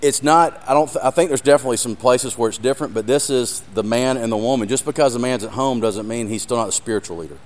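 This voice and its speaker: A man's voice: mid-range voice, quick pace, few pauses. A man giving an earnest sermon with a live demonstration, speaking directly to his audience and growing emotional. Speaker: ministry speaker.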